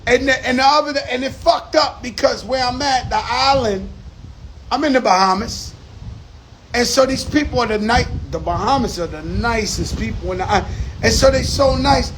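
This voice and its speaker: A man's voice: very high-pitched, moderate pace, fairly bright tone, slight background noise, poor audio. A man talking casually outdoors, rambling and profane, repeating phrases for emphasis. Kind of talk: casual monologue. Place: outdoors on an island.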